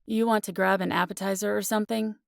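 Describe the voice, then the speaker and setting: A woman's voice: medium pitch, steady tone, fast, vocal fry, dry recording, studio quality, natural voice. A woman voicing a drunk, pushy young male swimmer in an audiobook, clumsy and insistent. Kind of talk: audiobook narration.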